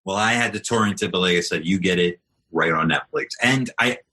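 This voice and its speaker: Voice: low-pitched, brisk, breathy edge. A podcast co-host chatting casually and steadily, passing on film facts. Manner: informative, steady, recommending films. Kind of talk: casual chat.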